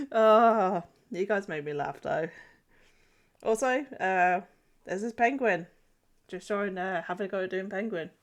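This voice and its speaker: A woman's voice: medium pitch, sing-song, takes it slowly, long pauses. Girl streaming her drawing, giggly and chatty, stuffed up with a cold. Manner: giggly, chatty, self-deprecating. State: has a cold. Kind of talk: casual live-stream chat while drawing.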